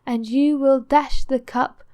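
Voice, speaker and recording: A broken, grief-stricken nobleman from a classic audiobook, read by a woman. The voice sits a touch high and pushes out with impassioned force, heavy with lasting despair. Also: slow pace, darkish tone. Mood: anguished. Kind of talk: audiobook narration.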